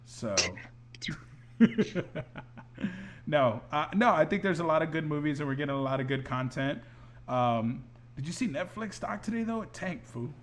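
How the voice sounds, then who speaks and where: Male podcast host, higher voice, casual and opinionated, joking. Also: a little hiss or hum. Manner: animated, opinionated, quick jokes. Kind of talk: casual chat.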